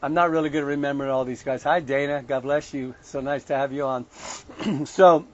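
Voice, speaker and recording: A man leads an online show in a conversational sermon style. He reads scripture aloud and breaks in with pointed, emphatic asides. His voice sits slightly high for a man, and the recording sounds a little muffled and lo-fi. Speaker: online preacher and show host.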